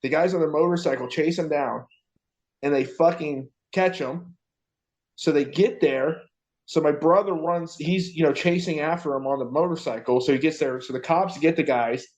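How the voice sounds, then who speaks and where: Man telling a profane, animated story. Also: fairly high pitch, moderate pace. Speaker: podcast co-host. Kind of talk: casual storytelling chat.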